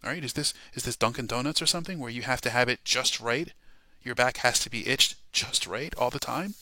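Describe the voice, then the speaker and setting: A man's voice: medium pitch, a little fast, pushed and bright, dry recording. A man preaching a sermon, emphatic and repetitive, peppering his points with rhetorical questions.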